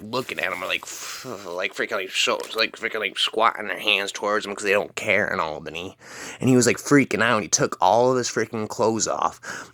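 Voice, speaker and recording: A man tells a rambling, slangy anecdote in a low voice. His tone is bright and forceful, and the sound is dry and close. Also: vocal fry, dry recording. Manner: rambling, full of "man" and "freaking". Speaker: storyteller.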